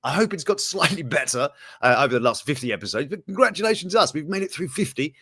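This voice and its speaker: Male host, rambling and cheeky, lively up-and-down delivery, slightly high voice, dry close sound. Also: fast, breathy edge, no room sound. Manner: rambling and jokey, with many fillers and asides; cheeky and self-mocking. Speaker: host of a morning news chat stream. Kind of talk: casual live-stream news chat.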